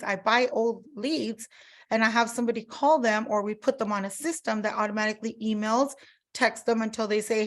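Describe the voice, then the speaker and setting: Chatty woman, slightly high voice. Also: moderate pace. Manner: chatty, lots of fillers and acted-out quotes. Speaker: solar sales trainer. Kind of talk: casual training talk.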